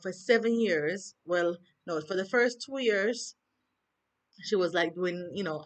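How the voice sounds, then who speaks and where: Jamaican woman vlogger, chatty and animated, leans on rhetorical questions, recorded on a handheld phone. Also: fairly low pitch. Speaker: TV review vlogger. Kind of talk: casual chat.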